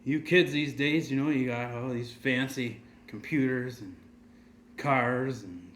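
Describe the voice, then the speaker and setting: A man's voice: medium pitch, a little slow, fairly bright tone, a little hiss or hum, natural voice. A man voicing a proud, plainspoken old male farmer who talks in a folksy, rambling way. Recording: echoey room.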